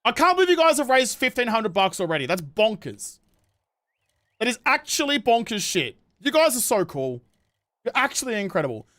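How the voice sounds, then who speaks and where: A young Australian man chats through a gaming stream in a high voice. He sounds worn out and tired, but keeps up a jokey, self-mocking patter. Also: very animated, moderate pace, sharp tone. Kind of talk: casual live-stream chat.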